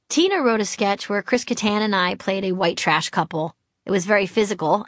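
A woman's voice: mid-range voice, a bit bright, dry recording. A woman reading her own memoir aloud in a wry, self-deprecating storytelling manner, recorded in a studio. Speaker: memoir narrator. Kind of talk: audiobook memoir narration.

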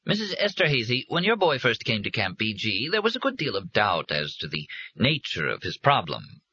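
A man's voice: lowish voice, huge pitch swings, normal speed, bright, forceful tone, breathy edge, no room sound, dull audio, voice pushed up, exaggerated voice. A man reading aloud, playing a pompous, insecure male psychiatrist who talks in formal clinical phrases.

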